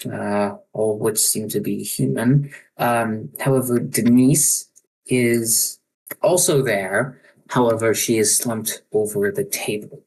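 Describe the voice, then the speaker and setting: Game master, male, halting narration full of ums, middling pitch. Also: a little mellow, poor audio. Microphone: online voice chat microphone.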